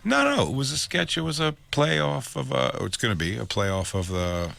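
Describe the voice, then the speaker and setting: Bright, animated male comedy host. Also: medium pitch, normal speed, creaky, slight background noise. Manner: animated storyteller, does voices of others; laughs while telling stories. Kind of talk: casual comedic chat.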